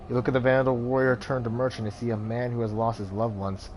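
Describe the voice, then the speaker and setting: A man's voice: medium pitch, steady tone, fast, hardly any pauses. A man hosting a let's play, reading the game's narration and chatting casually with apologetic asides. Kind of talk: reading a game aloud with casual commentary. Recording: game music underneath.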